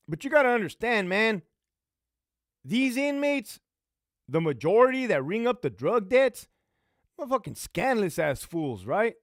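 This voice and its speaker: A man's voice: sits high, measured pace, long pauses, no echo, clean studio sound. A man hosting a casual livestream, a former prison lieutenant answering viewer questions with blunt, profane stories. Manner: profane, blunt, animated storyteller.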